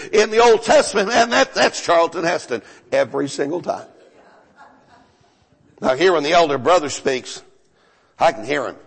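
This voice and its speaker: A pastor preaching a sermon in a folksy, joking way, often stumbling and repeating himself. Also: male voice, high-pitched, vocal fry, a bit bright, slightly rough, in a large hall, low-quality recording.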